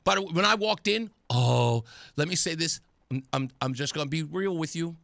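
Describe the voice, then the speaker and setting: With a fairly high, creaky voice and no room sound, a male talk radio host speaks at a moderate pace. He delivers an animated, opinionated monologue, mocking others and imitating their voices.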